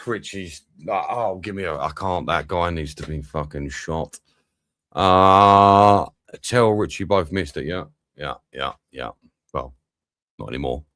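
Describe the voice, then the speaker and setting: A man's voice: sits low, a little slow, fairly bright tone, no room sound. A man streaming a football watch-along, swearing, venting and chatting with his viewers. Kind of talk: live match commentary and chat.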